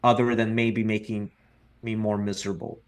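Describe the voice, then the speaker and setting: In a casual podcast interview, a middle-aged real estate investor from Russia speaks reflectively, tends to repeat words, and jokes dryly. His voice is on the low side, with a flat delivery and a moderate pace.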